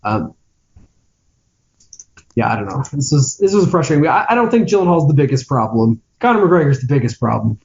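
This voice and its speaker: A man co-hosting a podcast, chatting casually about a film in a sardonic, dismissive way that trails off into low grumbles. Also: sing-song, brisk, gravelly, pauses often, darkish tone, highs cut off. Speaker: podcast co-host. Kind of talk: casual movie-review chat.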